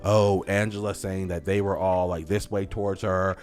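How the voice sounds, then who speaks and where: A man's voice: sits low, level tone, moderate pace, a little mellow. A man in his thirties chatting casually on a podcast, easygoing and rambling. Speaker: podcast host. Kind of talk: casual chat.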